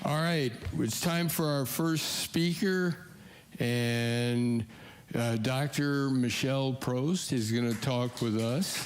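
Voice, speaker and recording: A man in his sixties hosting an event, talking casually with jokes, fillers and halting restarts. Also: medium pitch, very noisy. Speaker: event host with Parkinson's. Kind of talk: casual stage emcee talk. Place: church hall at an expo.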